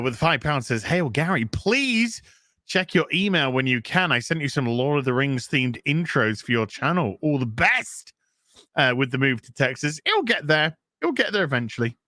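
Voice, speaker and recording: Chatty, animated male stream host. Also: a little high, moderate pace, no echo, clean studio sound. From England. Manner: animated, chatty, reads donor messages aloud. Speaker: live stream host reading donations. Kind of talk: casual live stream chat.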